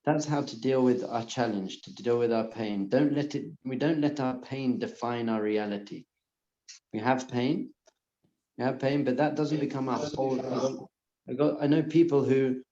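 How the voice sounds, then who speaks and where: An earnest man teaches a live class in a mellow, warm voice. His words carry the echo of the room, and the recording sounds a bit dull and lo-fi. He often repeats a phrase gently and softly. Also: mid-range voice. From lives in Israel. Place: lecture room with audience.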